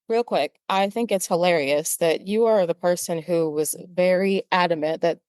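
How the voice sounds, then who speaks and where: A woman co-hosting a podcast in casual chat, speaking in a measured, gently teasing way. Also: medium pitch, dry recording, studio quality. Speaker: podcast co-host.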